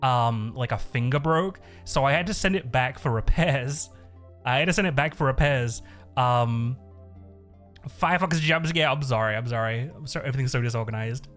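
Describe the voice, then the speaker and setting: A man's voice: mid-range voice, moderate pace, a bit bright. A man streaming live, chatting casually in a rambling way, swearing a lot and laughing often. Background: faint looping background music.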